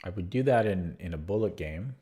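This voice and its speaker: A man's voice: deep voice, animated, fairly quick, dark tone. Man thinking aloud over chess. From Canada. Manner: thinks aloud, repeats words and restarts while calculating; chatty replies to viewer chat. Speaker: chess streamer. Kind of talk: live-stream chess commentary, thinking aloud.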